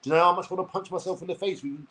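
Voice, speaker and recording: A man's voice: sits high, steady tone, very fast, noisy background. A man ranting crudely and bluntly to his viewers, swearing freely and addressing them directly. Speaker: vlogger. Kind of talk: direct-to-camera rant.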